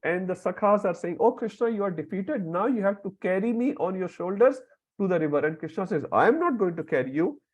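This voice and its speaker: A man's voice: high-pitched, lively intonation, brisk, highs cut off. Man teaching a scripture class. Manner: explains verse word by word, acts out quoted dialogue. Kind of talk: lecture on scripture with storytelling.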